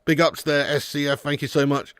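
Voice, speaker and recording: A man's voice: a little high, little pitch movement, a little fast, a bit bright, clean tone, no room sound, studio quality. A young man hosting a live football watch-along, chatting casually and bantering with viewers. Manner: chatty, banter with viewers, jokey put-on accents.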